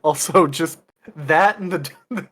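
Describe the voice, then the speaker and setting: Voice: mid-range voice, takes it slowly, a bit bright. A co-host chatting casually on a podcast, joking around and swearing.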